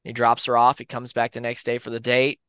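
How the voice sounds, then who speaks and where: A man tells urban legends as a podcast co-host, easygoing and rambling. His voice is smooth and clear, sitting in the middle range for a man. The recording is close and dry, with no room sound. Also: mid-range voice, fairly quick, no room sound. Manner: relaxed, rambling with fillers and restarts. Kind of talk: casual storytelling of urban legends.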